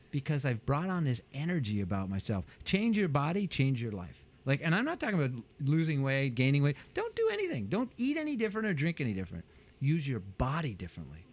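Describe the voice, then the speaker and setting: An energetic man talks as a coach in an interview, his slightly high voice leaping around constantly. He acts out little scenes in other people's voices, jumping far up in pitch for emphasis. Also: fast. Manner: energetic, acts out quotes with big pitch jumps. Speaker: guest, business coach. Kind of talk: animated interview talk.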